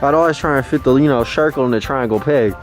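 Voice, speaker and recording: A man giving a joking vlog of his thrift store finds, hyped and goofy, often jumping into high silly voices. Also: fast, soft background music. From Texas. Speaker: vlogger showing thrift finds. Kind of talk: casual joking vlog narration.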